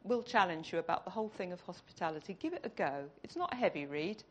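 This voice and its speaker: Quick-paced and expressive, this woman's voice sits on the low side. She preaches an earnest, conversational sermon in church, growing tearful as she closes.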